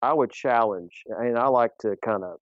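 A man's voice: medium pitch, moderate pace, no echo. Emphatic male author, dry dull audio. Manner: emphatic, challenging, stumbles on restarts. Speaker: guest author. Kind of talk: faith podcast conversation.

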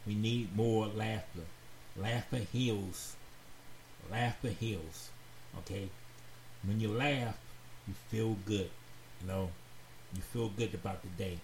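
A man hosting a radio talk show, giving heartfelt advice in a slow, earnest, preachy way and repeating phrases for emphasis. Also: on the low side, fairly even intonation, darkish tone. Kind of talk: heartfelt advice monologue to listeners. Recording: roomy echoey sound with faint background noise.

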